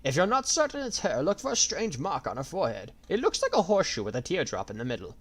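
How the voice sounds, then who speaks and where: A man voicing a frightened elderly village elder who speaks in a quavering, stammering voice, high above his own. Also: huge pitch swings, fast, husky, full character voice. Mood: urgent.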